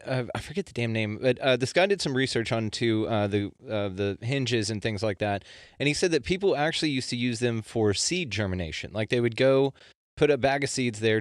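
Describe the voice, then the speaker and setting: A man's voice: medium pitch, dry recording, clean studio sound. Chatty enthusiastic man hosting. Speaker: podcast host. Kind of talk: casual interview.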